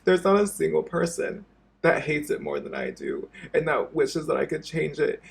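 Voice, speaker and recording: A man vlogging an emotional personal confession to his viewers, halting and repeating himself and swearing often. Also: fairly high pitch, sing-song, creaky, fairly bright tone, slightly rough.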